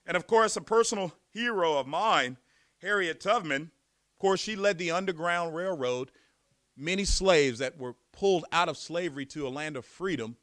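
Man, preacher, sermon, high bright voice, emphatic, rhetorical questions, dry close sound. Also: no room sound.

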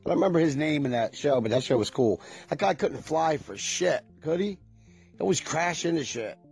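Husky rambling middle-aged man. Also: on the high side, lively intonation, normal speed, a little mellow, soft background music. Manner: loose, nostalgic, swears freely. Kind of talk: casual rambling chat.

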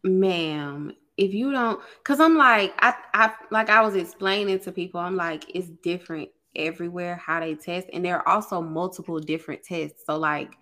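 A woman's voice: fairly low pitch, a little fast, hardly any pauses, bright, forceful tone. A young adult woman co-hosting a podcast, chatting casually, laid-back and profane, laughing often. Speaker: podcast co-host. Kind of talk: casual chat.

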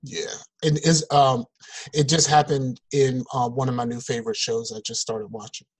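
A man co-hosting a podcast in casual chat, talking in animated, exasperated rants over a remote call. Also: mid-range voice, normal speed, slightly rough, rough recording. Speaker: podcast co-host. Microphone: remote call mic.

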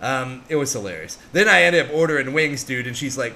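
Animated, profane man ranting casually. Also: mid-range voice, brisk, hardly any pauses, a little hiss or hum. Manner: profane, animated, acts out both sides of a conversation. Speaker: podcast co-host. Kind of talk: casual storytelling rant.

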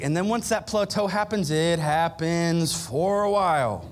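Animated preaching man. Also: on the high side, measured pace, few pauses, slight background noise. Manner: animated, acts out quoted arguments. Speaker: pastor. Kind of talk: sermon.

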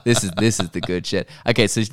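Low-voiced joking man recapping TV. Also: fairly even intonation, fast, no echo, studio quality. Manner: crude, jokey, acts out lines from the show. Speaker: podcast co-host. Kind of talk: casual chat recapping a TV episode.

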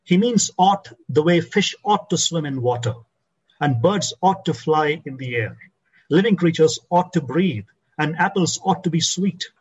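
A man preaching a sermon as a pastor, slowing and dropping his voice low to stress key phrases. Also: expressive, a little mellow, slightly rough, lo-fi sound.

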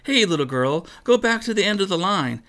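A man voicing a gruff, busy store counterman in a read-aloud story. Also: high voice, big pitch swings, a little fast, a bit bright, voice pushed up, heavily acted. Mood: impatient.

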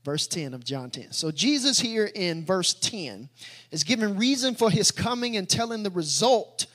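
A man preaching a sermon, moving from quiet reflection to loud, emphatic declarations. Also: high voice, lively intonation, moderate pace, breathy edge.

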